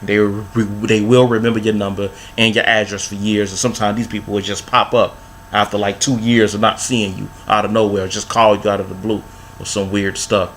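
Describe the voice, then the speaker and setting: Low-voiced man telling a casual story. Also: little pitch movement, brisk, a bit bright, a little hiss or hum. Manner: laid-back, repetitive, street slang. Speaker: vlogger.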